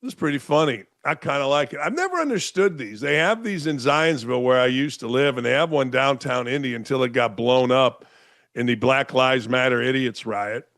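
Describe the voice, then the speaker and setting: A man's voice: mid-range voice, a little fast, a bit bright, no room sound. Sarcastic ranting male talk host, dry sound. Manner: sarcastic, ranting, rhetorical questions. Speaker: sports talk show host. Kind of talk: opinionated commentary monologue. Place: home studio in Florida.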